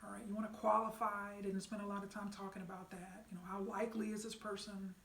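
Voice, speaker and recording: A woman's voice: medium pitch, little pitch movement, fast talker, slight background noise. A woman sales trainer telling a story in a casual teaching talk, with many fillers and restarts. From United States. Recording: echoey room, voice far from the mic.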